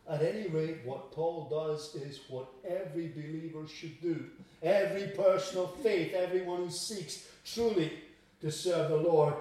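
A man's voice: high voice, darkish tone, very echoey, recorded from a distance, poor audio. A man giving a sermon, reading scripture aloud and explaining it in plain words. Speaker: preacher.

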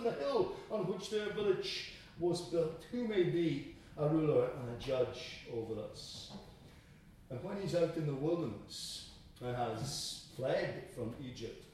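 A man's voice: fairly high pitch, expressive, moderate pace, a little mellow. A man preaching an expository sermon, emphatic and repeating phrases for stress. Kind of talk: sermon, expository Bible teaching. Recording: echoey hall, distant mic.

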